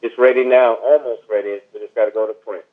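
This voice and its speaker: A man's voice: on the low side, fairly even intonation, quick pace. A man, an author telling a long, rambling story as a podcast guest, full of asides and fillers. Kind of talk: storytelling interview over the phone. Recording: tinny phone line.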